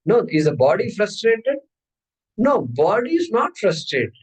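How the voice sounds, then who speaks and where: Guy giving a spiritual talk, keeps firing questions at the class, pretty animated. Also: high-pitched, measured pace, slightly rough, rough recording. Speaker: spiritual teacher. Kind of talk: Vedanta discourse.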